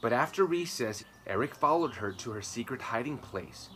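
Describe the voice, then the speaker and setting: A male educator reading a children's picture book aloud, expressive, with dramatic swings between soft, slow passages and louder, livelier ones. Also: medium pitch, a little hiss or hum. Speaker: storytime reader and educator.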